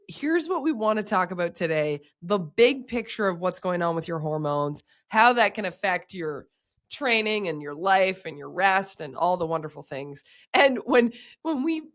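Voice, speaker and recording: A woman in her thirties hosting a podcast, hoarse and raspy from a cold, talking in an animated, chatty way. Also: mid-range voice. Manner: animated, laughs easily, acts out quotes. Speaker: podcast host. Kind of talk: casual podcast chat.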